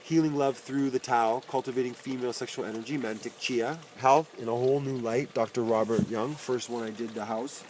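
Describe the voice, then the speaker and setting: A man's voice: mid-range voice, fairly even intonation, fairly quick, hardly any pauses, darkish tone, slight background noise, low-quality recording. A man reading aloud a long list of self-help titles and their authors, with dry, wry asides and his voice dropping on each name.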